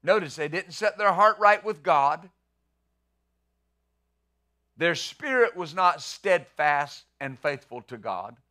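Middle-aged male pastor, bright and forceful, a bit high, talks his sermon like a chat and repeats words. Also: expressive, takes it slowly, long pauses. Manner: conversational preaching with rhetorical questions.

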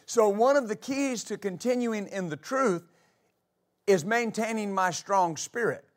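High-voiced preaching pastor. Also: male voice, a little slow. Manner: preaching with rhetorical questions, reading scripture aloud. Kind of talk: sermon. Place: church.

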